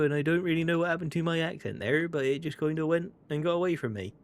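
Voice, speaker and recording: An English streamer comments casually on his gameplay, wry and playful, now and then putting on a mock-posh voice. His voice is on the high side and he talks fast, barely pausing.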